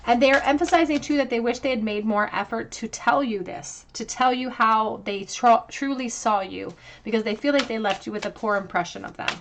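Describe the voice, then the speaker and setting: A woman's voice: a little high, a little fast, few pauses, a little hiss or hum. A woman giving a pick-a-card tarot reading to her viewers, earnest and reflective, drawing out key phrases for emphasis. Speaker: tarot reader.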